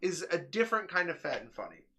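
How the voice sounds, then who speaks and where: Animated male podcast host. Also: fairly high pitch, fast talker. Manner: animated, laughing, swearing. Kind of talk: casual chat.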